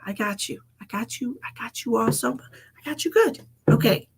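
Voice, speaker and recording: Lady psychic on a live stream, gravelly and kinda husky, chatty, calls everyone sweetheart. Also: on the high side, lively intonation, normal speed. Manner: chatty, calls people endearments. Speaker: psychic medium.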